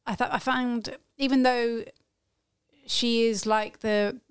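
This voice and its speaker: A woman co-hosts a casual podcast conversation in an easygoing, thoughtful way. Her voice is smooth and clear, and the sound is dry and close. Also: a little high, steady tone, takes it slowly, no room sound. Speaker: podcast co-host. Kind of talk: casual chat.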